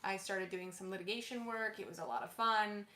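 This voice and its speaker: A woman's voice: medium pitch, brisk, sharp tone, roomy sound. A woman co-hosting a casual livestream chat, bubbly and playful, often breaking into laughs. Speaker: co-host, lawyer and actress.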